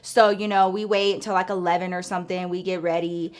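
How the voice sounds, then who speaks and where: A woman's voice: fairly low pitch, flat delivery, brisk. Foul-mouthed chatty woman telling a story. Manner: profane, chatty, full of filler "like". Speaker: storytime vlogger. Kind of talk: casual storytelling.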